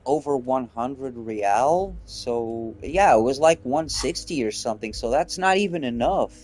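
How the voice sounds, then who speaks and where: Slow, laid-back male streamer. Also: medium pitch, expressive, darkish tone. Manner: laid-back, rambling with fillers. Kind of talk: casual game commentary.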